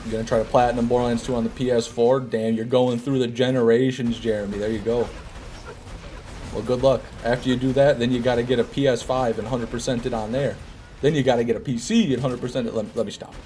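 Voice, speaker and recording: A man's voice: mid-range voice, fairly even intonation, fast, dark tone, slight background noise. A man streaming a game, chatting casually and joking while he answers viewers' chat. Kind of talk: casual gameplay commentary, reading chat.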